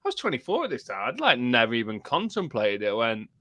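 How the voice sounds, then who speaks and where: A man co-hosting a casual podcast, an animated storyteller who swears freely. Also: medium pitch, quick pace, no echo. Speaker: podcast co-host. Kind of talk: casual chat.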